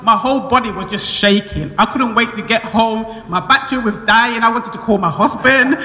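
A woman giving a church testimony, telling her story in an animated way, laughing often and acting out conversations. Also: medium pitch, moderate pace, hardly any pauses. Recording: echoey hall with long reverb.

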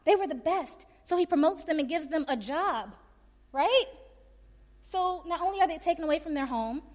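A woman preacher telling a Bible story in a lively, conversational sermon full of slang asides. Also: high-pitched, long reverb tail.

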